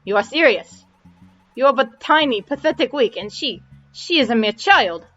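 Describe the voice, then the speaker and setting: A blustering male mob boss barks orders in clipped, broken English, gruff and full of himself, as a woman puts him on. The voice sits fairly high. The audio is dull, with faint music underneath. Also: expressive, normal speed, a bit bright.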